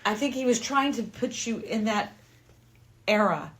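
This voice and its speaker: A woman's voice: on the high side, a little slow, fairly bright tone. A woman co-hosting a casual film podcast, chatty and laughing, often repeating words as she finds her point. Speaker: podcast co-host. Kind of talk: casual movie review chat.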